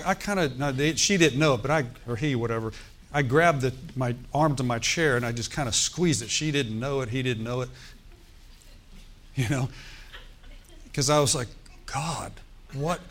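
A man pastor telling a story in a sermon, animated, with asides and quoted dialogue. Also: medium pitch, moderate pace, pauses often.

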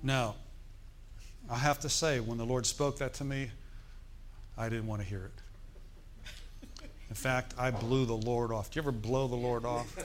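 Animated pastor preaching. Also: male voice, mid-range voice, a little slow, long pauses, slight background noise. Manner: conversational, animated, asks the congregation questions. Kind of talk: sermon storytelling.

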